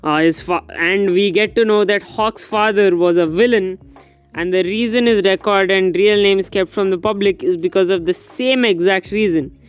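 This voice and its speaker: A young man casually recapping a manga chapter in a rambling, excitable way, full of fillers. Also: high voice, moderate pace, clean tone. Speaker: manga reviewer. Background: faint background music.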